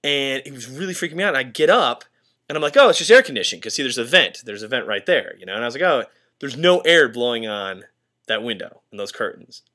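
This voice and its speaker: A man's voice: mid-range voice, lively intonation, fast talker, bright, forceful tone. A young man telling a ghost story from his hotel room, rambling with lots of fillers and working himself into a panic. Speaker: tour crew member. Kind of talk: confessional vlog to camera.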